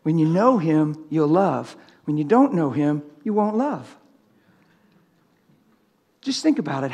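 A man preaching a sermon in a church, impassioned, swinging from loud urgent stretches to hushed, quiet ones. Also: a little high. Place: church sanctuary.

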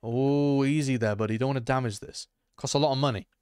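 Excitable young man streaming a game. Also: medium pitch, fast talker, clear, resonant tone, no echo, clean studio sound. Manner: excitable, chatty, addresses chat and viewers. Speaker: gaming streamer. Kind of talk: live gameplay commentary.

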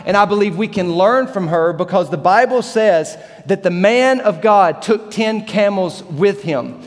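A man in his thirties preaching a sermon as pastor, animated and joking, acting out the Bible characters in different voices. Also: high voice, unhurried, in a large hall. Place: large church hall.

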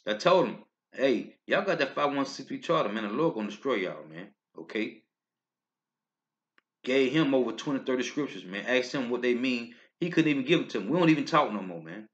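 In a dull lo-fi sermon video, a street preacher reads scripture with an animated, brisk delivery at medium pitch. His emphatic bursts rise and fall, and he caps lines with "man, okay?"

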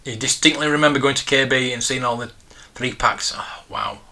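A man's voice: mid-range voice, steady tone, a little fast, bright, forceful tone. A man in his forties, hosting a casual live stream and chatting in a rambling, nostalgic way. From United Kingdom. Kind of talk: casual live-stream chat, reading viewer comments.

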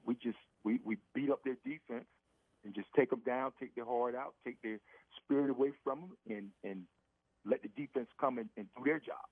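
A man's voice: mid-range voice, moderate pace, no echo. A middle-aged man calls in to a sports radio show and talks in an emphatic, repetitive way, restarting his phrases as he goes. His voice comes through a tinny phone line. The sound is completely dry. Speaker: former NFL receiver, radio guest. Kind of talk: casual sports radio talk.

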